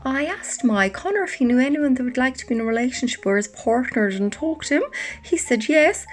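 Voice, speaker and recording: A woman hosting a comic advice slot, delivering punchlines dryly and deadpan. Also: sits high, a little fast. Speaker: advice show host. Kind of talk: comic radio sketch.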